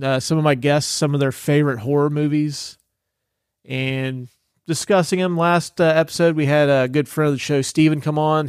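Smooth-voiced teasing man hosting. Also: on the high side, dry recording, studio quality. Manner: teasing, profane banter. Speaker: podcast host. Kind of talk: casual chat.

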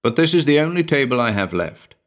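A man's voice: medium pitch, sing-song, fairly quick, pitched above the performer's own voice, lightly acted. A man voicing a polite, apologetic head waiter in a storybook reading.

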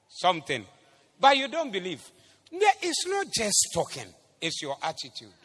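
Ghanaian pastor shouting in a hall. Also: male voice, high-pitched. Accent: Ghanaian English. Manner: swings between quiet asides and loud shouted exhortation. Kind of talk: sermon. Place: church hall.

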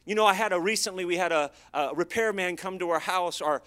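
A middle-aged man preaching with a notably high voice. His delivery is folksy and conversational, full of homely stories and call-and-response lines for the congregation. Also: fairly quick, a bit bright, smooth. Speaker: pastor. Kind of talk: sermon.

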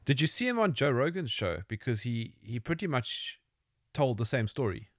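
A man with a South African accent hosting an interview, easygoing and quick to laugh, steering the talk back to his question. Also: medium pitch, big pitch swings, dry recording, studio quality. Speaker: podcast host. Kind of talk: casual interview chat.

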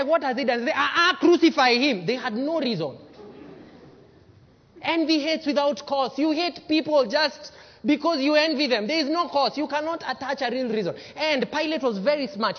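A man preaches a sermon in a high, bright-toned voice, acting out the quotes and swinging from loud to hushed. The sound is dull and lo-fi, with a long reverb trailing each phrase. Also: animated, moderate pace. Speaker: pastor.

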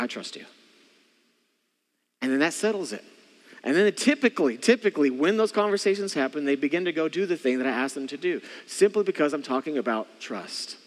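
A man preaching a sermon as a pastor, earnest and repetitive, often dropping to soft quiet tones to stress a point. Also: high voice, long reverb tail. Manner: earnest, repeats phrases, drops to soft quiet tones for emphasis.

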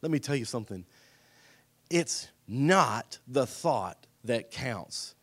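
A man preaching a sermon in a church, dropping to a hushed, intimate voice and then rising to shouted emphasis, often calling out to the congregation for a response. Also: medium pitch, animated, slow pace, husky. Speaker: pastor. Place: church sanctuary.

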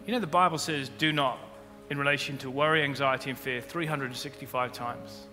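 A man preaching a sermon as pastor, building to loud emphatic peaks. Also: medium pitch, fairly even intonation, brisk. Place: church auditorium. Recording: long hall reverb with faint music.

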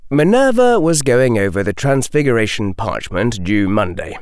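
Expressive male audiobook narrator. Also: medium pitch, clear, resonant tone, dry recording, studio quality. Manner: expressive, slows for dramatic stresses. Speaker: audiobook reader. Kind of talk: storybook narration.

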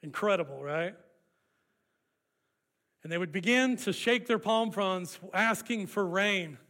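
Male preacher, bright high voice, lively, gets the congregation to join in. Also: slow pace. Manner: animated, leads congregation in call-and-response. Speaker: pastor. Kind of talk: sermon.

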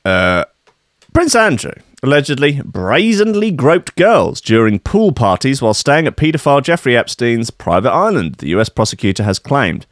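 A man's voice: mid-range voice, big pitch swings, moderate pace, no room sound, clean studio sound. Sweary man riffing on the news. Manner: sweary, rambling, sardonic. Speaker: podcast host. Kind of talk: comic rant about the news.

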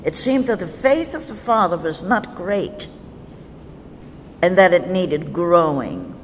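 A woman teaching from the Bible, reading verses in a measured, deliberate way. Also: lowish voice, sing-song. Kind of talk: slow scripture teaching. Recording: faint noise with long reverb.

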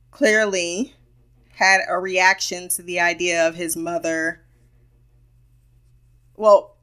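Unhurried, amused woman recapping a cartoon. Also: lowish voice, fairly bright tone. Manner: playful, amused, retells scenes. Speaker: show reviewer. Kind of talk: casual episode recap.

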